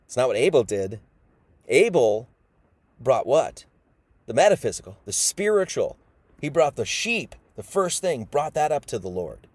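A man's voice: mid-range voice, a little mellow, no room sound. A man giving an informal Bible sermon, casual and emphatic, acting out the people he quotes. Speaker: preacher.

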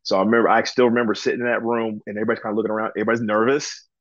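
Man, low voice, from Georgia, casual storytelling, lots of ums, dry close sound, a bit muffled. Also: very fast, dry recording. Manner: relaxed, chatty, frequent ums, acts out quoted dialogue. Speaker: guest, professional wrestler.

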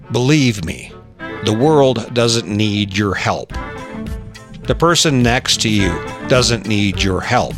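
A man's voice: fairly low pitch, lively intonation, takes it slowly, over music. Earnest man giving a motivational talk. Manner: earnest, conversational, frequent restarts. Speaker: motivational speaker.

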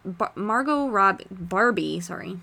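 A woman hosting a podcast, chatting casually and retelling movie scenes with lively asides. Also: medium pitch, unhurried, vocal fry. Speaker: podcast host.

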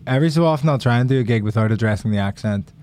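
A man's voice: mid-range voice, rapid-fire, darkish tone. A young Irish man, a stand-up comedian, talking thoughtfully in a casual podcast chat, hesitating and choosing his words. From Ireland.

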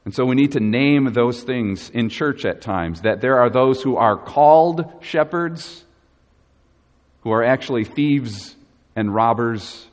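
A man preaching a sermon as pastor, earnest and measured, leaning hard on key words. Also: fairly low pitch. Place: church. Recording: long reverb of a church hall.

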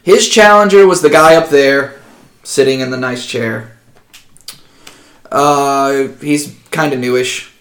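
A man's voice: medium pitch, takes it slowly, pauses often, fairly bright tone, roomy sound. A man narrating as game master in a casual tabletop session, rambling with many ums.

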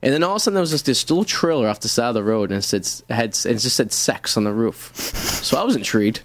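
A man from Revere, co-hosting a studio radio show and telling a long, rambling road-trip story with halting restarts. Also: medium pitch, lively intonation, dry recording. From Revere, Massachusetts. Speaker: co-host. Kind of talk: casual studio radio chat.

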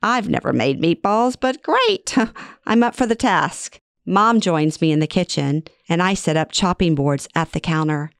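A woman's voice: fairly low pitch, animated, measured pace, vocal fry, no echo, clean studio sound. A middle-aged woman reading her own memoir aloud in a wry, conversational way. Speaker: memoir narrator. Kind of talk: first-person storytelling reading.

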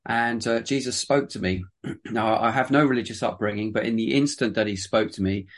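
A man with a lowish voice tells his story in an interview. He is a pastor and church planter from England. His telling rambles along, full of restarts and self-deprecating asides. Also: fairly quick.

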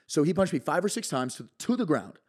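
A man, a podcast guest, telling a story in an animated, excitable way, heavy on swearing and filler words. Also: on the high side, brisk, slightly rough. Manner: excitable, profane, peppered with "bro" and "like".

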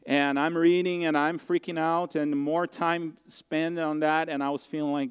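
A man preaching a sermon as pastor, telling a personal story in an earnest, heartfelt way with halting restarts. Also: on the high side, clear, resonant tone, big-room sound.

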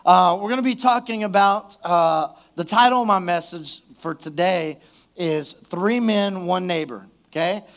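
During a live church service, a male pastor with a high, slightly bright voice delivers an unhurried sermon. His style is loose and conversational, and he keeps checking in with the congregation to get them responding.

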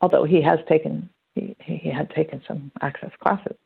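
A woman's voice: low voice, moderate pace, creaky, slightly rough. Chatty woman on a tinny line. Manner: chatty, animated storytelling with acted-out quotes. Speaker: guest. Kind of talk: casual conversational interview. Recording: phone-like narrow band.

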